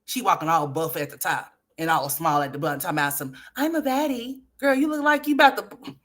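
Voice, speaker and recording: A woman's voice: deep voice, animated, brisk, a bit bright. A woman hosting a gossip commentary livestream, profane and trash-talking, laughing often and talking straight to her viewers. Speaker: livestream host.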